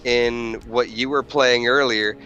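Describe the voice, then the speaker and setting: A man's voice: mid-range voice, steady tone, slow pace, pushed and bright, highs cut off, faint music behind. A man arguing his side in a heated podcast debate, insistent and listing his points, often restarting words. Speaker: podcast guest.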